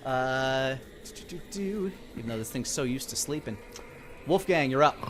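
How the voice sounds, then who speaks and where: A man running a tabletop role-playing game as dungeon master, narrating scenes in a relaxed, descriptive way with playful sound-effect noises. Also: medium pitch, moderate pace, a little hiss or hum.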